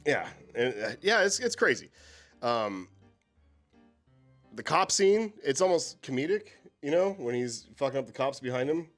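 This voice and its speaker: A man co-hosting a casual chat about horror movies, animated and swearing freely. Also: mid-range voice, moderate pace, soft background music. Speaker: co-host.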